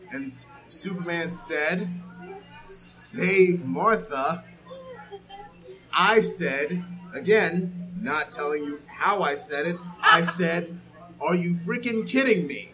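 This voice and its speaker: A man in a casual comedic debate, arguing with animated exclamations. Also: on the high side, low-quality recording. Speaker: debate participant.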